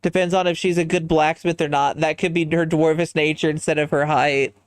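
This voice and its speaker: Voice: medium pitch, flat delivery, brisk, smooth, no room sound. A livestreamer chatting casually while designing a character, thinking aloud and answering chat in a musing way.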